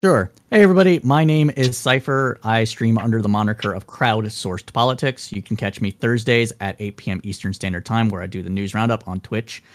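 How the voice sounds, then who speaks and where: A man who streams politics giving a calm closing statement and telling people where to find him. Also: lowish voice, brisk, few pauses. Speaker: streamer and debater.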